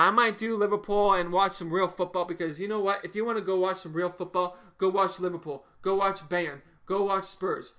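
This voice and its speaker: A man's voice: high-pitched, sharp tone. A man hosting a football fan video, delivering an exasperated post-match reaction rant with heavy swearing and repeated phrases. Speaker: football fan channel host.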